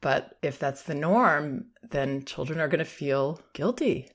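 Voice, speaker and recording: Low-voiced woman giving calm parenting advice. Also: normal speed, few pauses. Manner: calm, reassuring, acts out short parent lines. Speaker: parenting podcast host. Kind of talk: advice monologue.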